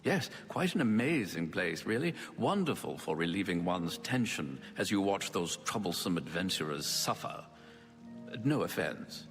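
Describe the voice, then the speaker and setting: A condescending, sardonic servant, speaking low with lively shifts of pitch. His voice carries a long reverb in the game audio, with soft music underneath. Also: normal speed. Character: dry, sarcastic male servant of a mad god. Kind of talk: video game voice acting.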